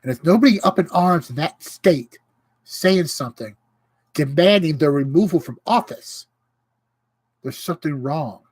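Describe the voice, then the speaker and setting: A man hosting his own livestream, ranting with indignation and pausing to greet viewers. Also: on the high side, lively intonation, slightly rough, dry recording, rough recording. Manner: impassioned, indignant, greets viewers mid-rant. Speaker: livestream host. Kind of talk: casual livestream rant.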